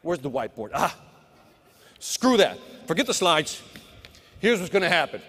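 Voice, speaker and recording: High-pitched motivational man in a big hall. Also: big pitch swings, normal speed, fairly bright tone. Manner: punchy motivational delivery, talks to the crowd. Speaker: keynote sales speaker. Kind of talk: live conference keynote. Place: large conference hall. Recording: long hall reverb.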